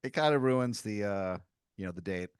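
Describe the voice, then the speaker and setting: A man's voice: lowish voice, expressive, moderate pace, clean tone, dry recording, clean studio sound. A man narrating an improvised comedy story as game master, laid-back and full of fillers.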